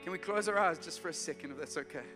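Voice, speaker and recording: A man from South Africa preaching a sermon as a pastor, moving from hushed pleas to loud urgent calls. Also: a little high, very fast. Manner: emotional, swings from hushed to shouting. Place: church hall. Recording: church hall reverb with soft music.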